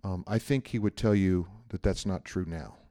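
A middle-aged male pastor telling a personal story in a sermon, animated and joking, often checking in with the listeners. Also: low voice, normal speed, dry recording. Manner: animated storytelling, jokey asides, frequent "right?".

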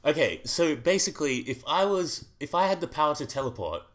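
A man's voice: fairly high pitch, big pitch swings, brisk, fairly bright tone. A man co-hosting a comedy podcast, easygoing and meandering with stumbling restarts. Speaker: co-host. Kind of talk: casual comedy podcast chat.

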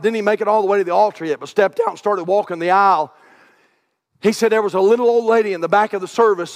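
A middle-aged pastor, preaching a sermon from the pulpit that swings from loud shouts to hushed, quiet asides. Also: male voice, fairly high pitch, in a large hall. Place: church sanctuary.

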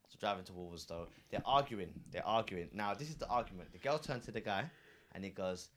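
A man's voice: lowish voice, fairly quick. A man, a cab driver and podcast co-host, telling a story in casual slangy chat and acting out the people in it. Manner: animated, laughing, slangy, acts out voices.

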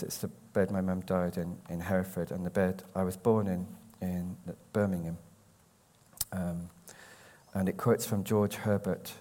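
An English man, a poet, reading his poems slowly and carefully, with hesitant, halting talk between them. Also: low voice, mellow. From England. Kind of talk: poetry reading with spoken introductions.

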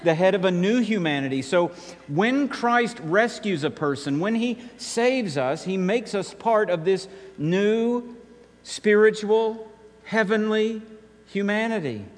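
A man's voice: sits high, slow. Emphatic male preacher in a reverberant hall. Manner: emphatic preaching, repeats key phrases, rises and drops sharply. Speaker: pastor. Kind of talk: sermon.

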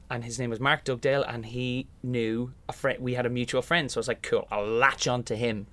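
A man's voice: medium pitch, a little fast, hardly any pauses. A young Irish man, a musical theatre performer, telling stories in a casual interview and acting out the voices in them. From Ireland. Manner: animated, acts out voices in anecdotes.

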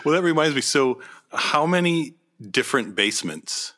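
A man co-hosting a casual interview, lively and quick to laugh along. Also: fairly high pitch. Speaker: podcast co-host.

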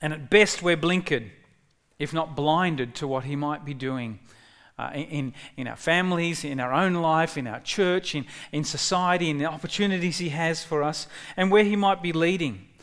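A male pastor preaches a sermon in an easygoing, conversational way, with a voice a little higher than most men's. When quoting God he turns animated, breaking into excited, lifted tones, and he often halts and restarts his phrases.

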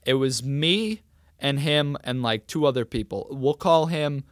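A man's voice: mid-range voice, measured pace, no echo, clean studio sound. A young man co-hosting a casual comedy podcast, cursing freely and acting out quotes as he tells stories. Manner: swearing, animated storyteller, acts out quotes. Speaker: podcast co-host.

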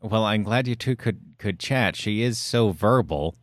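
A middle-aged man in casual conversation, telling family stories with relaxed, dry humor. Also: on the low side, unhurried, no room sound. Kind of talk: casual chat.

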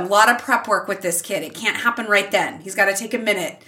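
A middle-aged woman, a mother and teacher, telling a family story as a podcast guest, animated and laughing often, with big leaps in pitch when she quotes herself. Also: a little fast, hardly any pauses, far from the mic. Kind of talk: casual storytelling in an interview.

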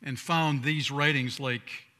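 A man preaching a sermon as pastor. He talks in a conversational way, restarting and repeating words, and swings between loud emphatic lines and quiet asides. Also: mid-range voice, steady tone, takes it slowly. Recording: long hall reverb.

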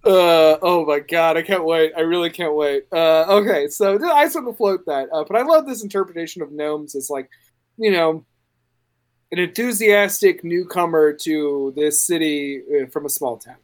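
Guy running a tabletop game on a podcast, rambly and excited, keeps restarting his sentences. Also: fairly high pitch, moderate pace. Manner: rambling, self-interrupting, enthusiastic. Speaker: game master. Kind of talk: casual podcast chat planning a character.

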